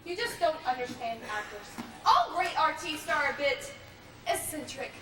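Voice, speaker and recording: An eager stagestruck young woman, high and bright in tone and melodramatic by nature, as a young actress plays her. She sounds far from the mic in a roomy hall, with noise underneath. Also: big pitch swings, unhurried. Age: young adult. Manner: eager, overdramatic recitation. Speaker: school play actress. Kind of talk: school stage play.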